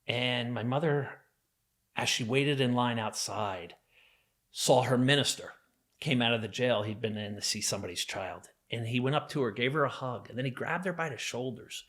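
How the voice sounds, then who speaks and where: Man, from New Jersey, podcast guest, casual earnest storytelling, lots of fillers, medium pitch. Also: moderate pace, a bit bright. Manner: casual and earnest, with frequent fillers and acted-out quotes. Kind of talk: telling his life story in a podcast interview.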